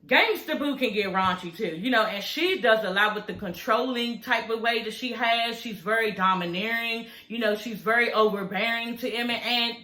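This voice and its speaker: In a low-quality, roomy recording, a woman with a somewhat high voice recaps a reality show with casual energy, slinging slang, cursing freely, and acting out what people said.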